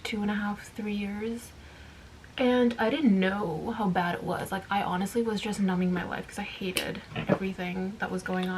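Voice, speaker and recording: A woman chatting candidly into the camera as a vlogger, rambling from one thought to the next with plenty of "like" and "um." Her voice sits at an ordinary middle pitch. Faint background noise hums under her voice. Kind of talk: casual chat.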